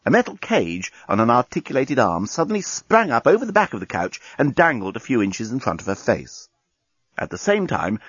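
A man reading a story aloud in an expressive, even storytelling manner, on a dull lo-fi recording. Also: mid-range voice, husky, no room sound. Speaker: narrator. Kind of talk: audiobook narration.

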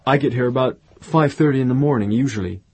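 A worn-out, shabby man, as a male narrator puts him on, mumbles in halting bursts. The voice is husky and breathy, pitched a bit above the narrator's own. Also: darkish tone, dry recording. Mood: weary.

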